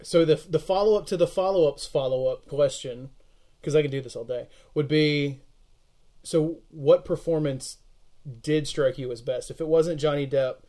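A man with a somewhat high voice chats eagerly about movies. He laughs often and jumps in with his own examples. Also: normal speed, mellow. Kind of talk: casual film chat.

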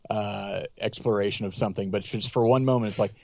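Low-voiced man in casual film chat. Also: steady tone, a little fast, creaky, no room sound, clean studio sound. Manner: rambling, self-correcting, jokey asides.

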